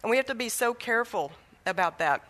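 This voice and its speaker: A woman's voice: a little high, animated, fast, fairly bright tone. A middle-aged woman giving an earnest faith teaching talk, telling family stories and acting out the dialogue. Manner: earnest, anecdotal, acts out dialogue. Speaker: Christian teacher.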